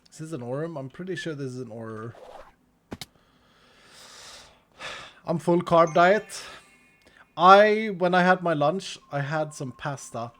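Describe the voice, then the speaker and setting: A man's voice: fairly high pitch, measured pace, pauses often, a bit bright, slight background noise. A man from Sweden with a Swedish accent, chatting casually on a game stream in a playful, rambling way. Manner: rambling, playful, joking tangents. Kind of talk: casual gaming stream chat.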